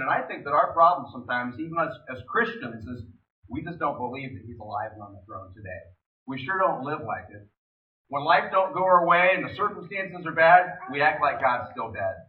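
A man preaching a sermon in an animated way, reading scripture aloud between his own remarks. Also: a little high. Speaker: pastor. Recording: distant, echoey, phone-like sound.

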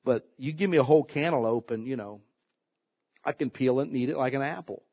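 A man's voice: medium pitch, brisk, husky. A man preaching a sermon in a folksy, joking way, acting out quotes as he tells stories. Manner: folksy, joking, animated storytelling with acted quotes. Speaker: pastor.

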